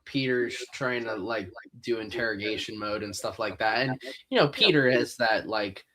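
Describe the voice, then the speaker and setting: A man co-hosting a casual movie discussion, talking in a relaxed way full of fillers. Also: lowish voice, moderate pace, a crowd in the background. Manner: relaxed, lots of fillers like "like" and "you know". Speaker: podcast co-host.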